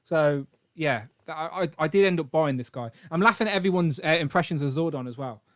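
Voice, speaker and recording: Chatty male live-stream host, slightly higher voice, jokey, reads chat aloud. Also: fairly quick, fairly bright tone.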